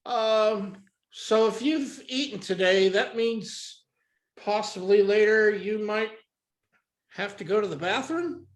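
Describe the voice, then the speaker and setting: A man's voice: sits high, sing-song, measured pace, voice pushed up. A man doing a stumbling, awkward caller. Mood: sheepish. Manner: stumbling, hesitant. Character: awkward, hesitant man making a strange request. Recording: roomy echo.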